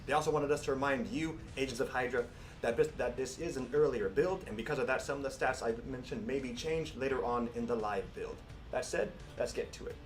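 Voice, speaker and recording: A man co-hosting a game update livestream, briskly walking through a character's skills in a playful in-character way. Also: medium pitch, slight background noise. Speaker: livestream co-host. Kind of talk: scripted in-character livestream presenting.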